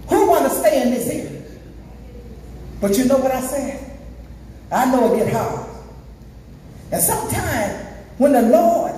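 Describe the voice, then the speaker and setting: A woman's voice: fairly high pitch, warm tone, slight background noise. A woman evangelist preaching a sermon, emphatic, half-singing phrases and calling out to the congregation. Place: church sanctuary. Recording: echoey church hall from far off.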